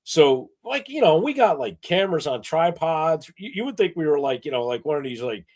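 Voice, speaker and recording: A man co-hosting a casual chat show who rambles through animated stories full of fillers. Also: fairly high pitch, brisk. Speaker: co-host.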